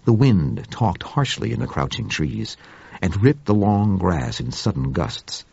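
A man narrates a story in a lyrical, descriptive reading style. His low voice is gravelly and a little husky, with a lively, varied pitch. The recording is dry and slightly dull, like a close studio read. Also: unhurried, no echo. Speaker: audiobook narrator. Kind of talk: scripted narration.

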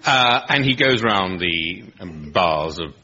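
A man on a comedy panel, telling a risqué tale deadpan and leaning on innuendo. His pitch rises and falls freely. The recording is lo-fi, with clear background noise. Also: takes it slowly. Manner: deadpan storyteller, lingering on innuendo. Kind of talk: improvised comic chat. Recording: lo-fi broadcast audio with noise.

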